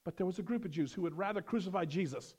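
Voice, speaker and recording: A middle-aged man preaching a verse-by-verse sermon, swinging from loud emphatic lines to quiet, dropped asides. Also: high voice, lively intonation, quick pace, husky. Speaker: pastor.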